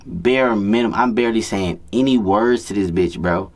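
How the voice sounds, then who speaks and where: A man's voice: fairly low pitch, normal speed. Slangy, profane male dating coach. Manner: slangy, profane, repetitive street talk. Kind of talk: casual storytelling to camera.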